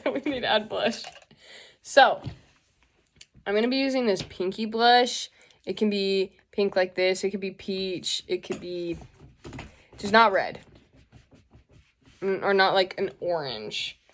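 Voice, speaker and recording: A woman's voice: medium pitch, slow pace, pauses often, a little hiss or hum. A young woman hosting a casual makeup tutorial, chatty and joking as she explains each step.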